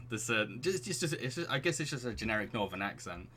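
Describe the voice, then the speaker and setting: A man streaming, reading a dating game aloud with playful, animated commentary. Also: medium pitch, a little fast, slight background noise.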